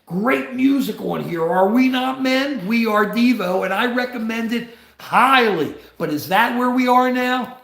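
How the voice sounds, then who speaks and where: An older man in his seventies with a high-pitched voice hosts a casual livestream. He rambles, argues and talks straight to his viewers. The sound is roomy and echoey. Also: vocal fry, a bit bright. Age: 70s. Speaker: livestream host.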